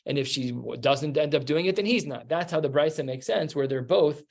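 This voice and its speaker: A man's voice: fairly high pitch, fairly quick, creaky. Man teaching Talmud, patient step-by-step. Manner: explains step by step, mixing Aramaic terms into plain speech. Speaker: rabbi teaching a Talmud class. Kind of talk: Talmud class lecture.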